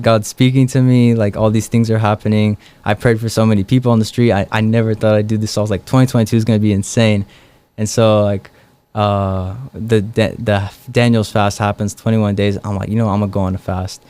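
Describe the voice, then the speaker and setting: A young man with a smooth, clear voice that sits a little low, telling his own stories as a guest in a relaxed interview. He talks loosely, filling gaps with "like" and "um". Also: fairly quick. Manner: relaxed, many fillers like "like" and "um". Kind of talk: casual storytelling interview.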